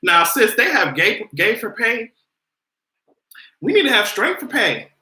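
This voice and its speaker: A young man talks on a livestream in a sassy, animated way, cursing freely. His voice sits a little high, swings widely in pitch and sounds very bright and sharp. The sound bounces around a roomy, echoey space. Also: a little slow. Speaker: vlogger hosting a livestream. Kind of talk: casual livestream commentary. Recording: roomy echo.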